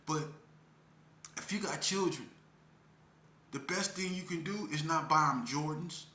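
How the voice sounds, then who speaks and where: A man's voice: fairly high pitch, sharp tone. A man from Las Vegas speaking earnestly and emotionally to parents, repeating phrases for emphasis as he tells his story. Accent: Las Vegas street speech. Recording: echoey room with faint ambience.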